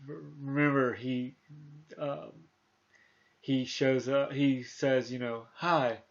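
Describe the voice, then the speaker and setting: Thirties male host, casual movie chat, rambling delivery, mid-pitched voice, slightly dull recording. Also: steady tone, takes it slowly. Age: 30s. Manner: rambling, many restarts and fillers, retells scenes. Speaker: podcast host.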